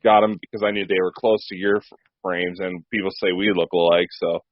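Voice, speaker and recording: A low-voiced man gives easygoing, wry replies in casual podcast banter. The sound is dry and slightly muffled. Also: steady tone, fairly quick, dry recording. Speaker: podcast co-host. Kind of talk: casual chat. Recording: muffled dry home recording.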